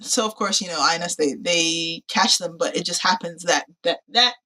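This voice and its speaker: A woman's voice: on the low side, moderate pace. A woman co-hosting a podcast, chatting casually through a movie recap and acting out the characters' lines with lots of fillers. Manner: animated, acts out quotes with lots of "like" and laughs. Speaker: podcast co-host.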